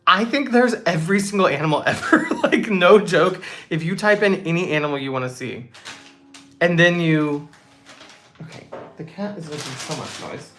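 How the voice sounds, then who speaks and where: A young woman hosting a casual livestream Q&A, reading out chat comments in a bubbly, chatty way with quick asides. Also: lowish voice, lively intonation, a bit bright, soft background music. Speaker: livestream host.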